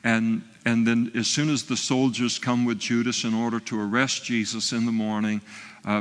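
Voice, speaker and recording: A man's voice: fairly low pitch, a bit bright, long reverb tail. A man preaching a sermon, retelling a story in a conversational way with frequent fillers and restarts. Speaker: pastor.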